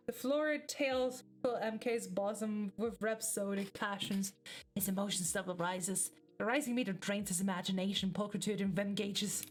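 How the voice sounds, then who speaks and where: Streamer woman reading a webcomic aloud. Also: medium pitch. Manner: reads in a measured voice, breaks into laughing, swearing reactions. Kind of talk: casual live reading of a webcomic.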